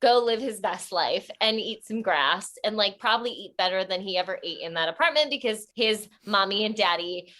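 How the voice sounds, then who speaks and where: A young woman telling a comic story in casual talk, animated and acting out quoted voices. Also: moderate pace, few pauses. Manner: animated, acts out quoted voices with sudden high squeals. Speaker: storytelling guest.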